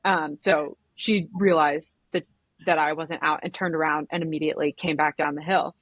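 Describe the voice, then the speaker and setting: A woman guest on a podcast, an ultrarunner, talking in a relaxed, easygoing way and laughing readily. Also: sits low, moderate pace, no echo, lo-fi sound. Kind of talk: casual interview talk.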